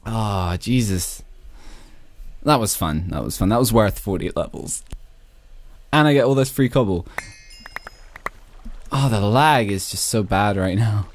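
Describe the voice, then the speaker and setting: A man casually commentating his own Minecraft play, excitable and laughing often. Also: lowish voice, measured pace, long pauses, slight background noise. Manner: excitable, laughs often, shrieks when startled. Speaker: Minecraft YouTuber.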